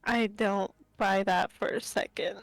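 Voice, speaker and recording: Slow-talking playful woman player. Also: medium pitch, fairly even intonation, dry recording, faint music behind. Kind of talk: casual chat while playing a tabletop game.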